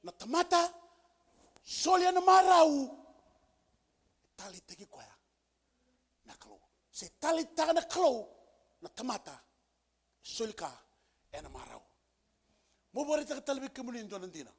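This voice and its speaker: A male pastor preaching a sermon with emphasis, repeating key phrases and building to shouted peaks. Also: very high-pitched, very animated, brisk, vocal fry, long pauses, slightly rough. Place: church service.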